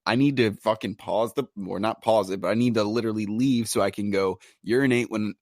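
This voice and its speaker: A man's voice: fairly low pitch, brisk, no echo, clean studio sound. A young man co-hosting a podcast in casual chat, joking and slangy, telling stories with energy. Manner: joking, slangy, animated storyteller. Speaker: podcast co-host.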